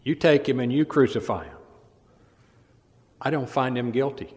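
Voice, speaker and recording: A man's voice: medium pitch, normal speed, a little mellow, natural voice. A man preaching in a reverberant hall voices a middle-aged Roman governor who is insistent and pleading, raising his voice.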